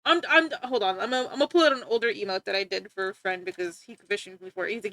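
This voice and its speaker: A woman's voice: mid-range voice, very fast, few pauses, sharp tone, no room sound. A woman live-streaming, chatting casually and teasing her viewers, rambling and often breaking off to giggle. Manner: joking, teasing banter with chat. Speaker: livestreamer.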